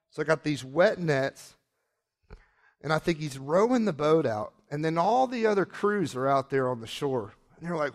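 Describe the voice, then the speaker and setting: A man preaching a sermon, retelling a story and acting out the characters' lines in different voices. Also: on the high side.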